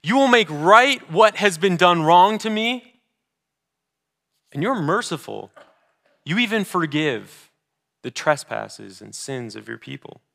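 A pastor delivers a sermon in a bright, somewhat high voice. He is earnest, swinging from forceful declarations to hushed, deliberate readings of scripture. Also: very animated, creaky. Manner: reads scripture slowly and deliberately.

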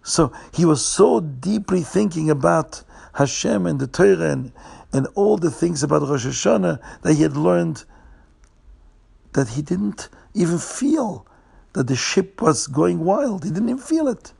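A man telling a religious story to children, animated and repeating words for emphasis. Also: fairly high pitch, unhurried, gravelly, husky.

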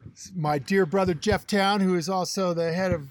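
A middle-aged man co-hosting a podcast, telling rambling stories in a casual, animated way. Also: high voice, normal speed, dry recording. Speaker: podcast co-host. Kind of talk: casual chat.

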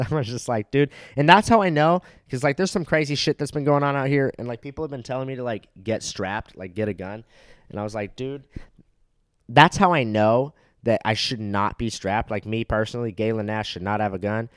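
A man's voice: mid-range voice, fairly quick, no echo, clean studio sound. A young man telling a rambling, profane comedic story that keeps getting heated, with plenty of filler words.

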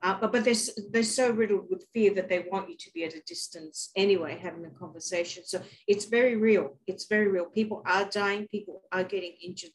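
A woman's voice: medium pitch, fairly quick, hardly any pauses, rough recording. An Australian woman co-hosting an online talk show, telling a long rambling story in casual chat.

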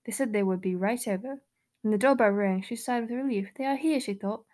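A woman's voice: medium pitch, fairly quick. A young woman co-hosting a podcast, chatting and giggling, then reading a rhyme and a short story aloud. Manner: giggly, animated, reads rhymes and stories aloud. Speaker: podcast co-host. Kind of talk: casual chat and reading aloud.

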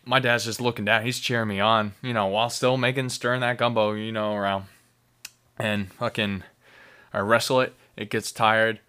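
A young man with a fairly low voice hosts a casual beer-review podcast. He rambles loosely and swears freely, with playful energy. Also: level tone, moderate pace, pushed and bright, smooth. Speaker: podcast host.

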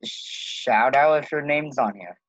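A young man co-hosts a casual podcast, halting and full of uh and like as he goes. His voice sits at an everyday middle pitch. The recording is dry but dull and lo-fi. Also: no echo. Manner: hesitant, with many fillers. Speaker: podcast co-host. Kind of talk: casual chat.

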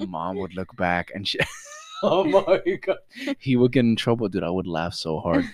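Animated young guy telling stories, "dude". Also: low voice, moderate pace, no room sound. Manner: animated, swears, says "dude" often. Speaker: podcast co-host. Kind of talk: casual chat, storytelling.

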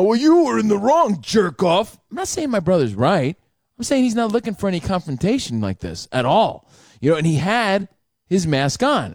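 A man co-hosting a radio talk show, chatting casually with animated, profane banter. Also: sits high, no room sound, clean studio sound.

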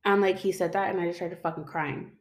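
A young woman with a slightly low voice tells her own story off the cuff. She rambles, leans on "like" and "um", and swears casually as she goes. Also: fairly even intonation, brisk. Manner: rambling, filler-heavy, swears freely.

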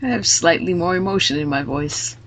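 A woman hosting a casual podcast, retelling scenes quickly and with animation. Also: fairly low pitch. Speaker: podcast host.

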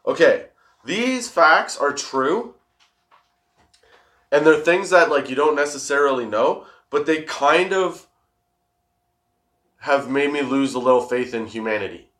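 A young man, high and giggling, hosting a rambling, casual stoner chat show and swearing freely. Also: measured pace, pauses often, fairly bright tone. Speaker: host.

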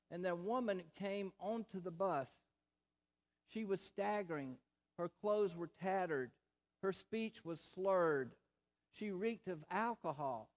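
A pastor delivering a sermon in a slow, deliberate way, with emphatic repetition. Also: male voice, sits high.

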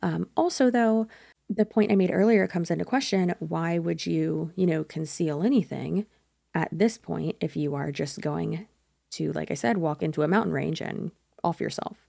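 Chatty woman with a gravelly voice. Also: on the low side, normal speed, dark tone, no room sound. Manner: chatty, speculative, self-correcting. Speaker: true crime podcast host. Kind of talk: casual true crime narration.

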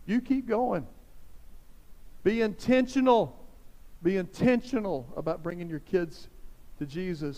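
Pastor, man in his fifties, high voice, fervent exhorting sermon, long church-hall echo. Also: measured pace, pauses often, dark tone. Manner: fervent, exhorting, repeats phrases for emphasis.

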